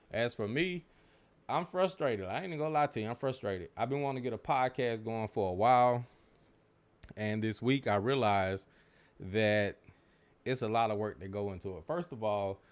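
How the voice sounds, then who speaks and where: Male podcast host, easygoing and conversational, home-recorded solo talk. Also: lowish voice. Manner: relaxed, conversational, Southern US slang. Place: home studio room. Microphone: studio microphone.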